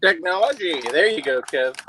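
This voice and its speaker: Co-host, male, slightly high, hesitant filler-heavy talk. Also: expressive, normal speed, sharp tone, a little hiss or hum. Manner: hesitant, lots of ums and likes. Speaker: live stream co-host. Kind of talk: casual live stream chat.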